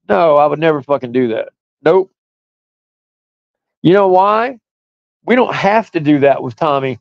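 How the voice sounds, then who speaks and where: A man's voice: on the high side, animated, a little slow, creaky, pauses often, dry recording, dull audio. Profane, mocking man ranting on stream. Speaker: stream host. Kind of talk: ranting monologue.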